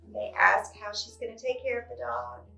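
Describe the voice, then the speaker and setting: A woman librarian recommending children's books, telling their stories in an animated way with frequent exclamations. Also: on the high side, normal speed, vocal fry. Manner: animated storytelling, exclaims often. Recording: roomy echo, distant mic, faint guitar music.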